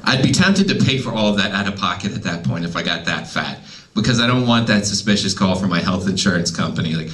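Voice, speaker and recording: Lowish-voiced guy doing a self-deprecating stand-up bit, wry and offhand. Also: animated, fast, a bit bright. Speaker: stand-up comedian. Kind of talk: stand-up comedy set. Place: steakhouse open mic night.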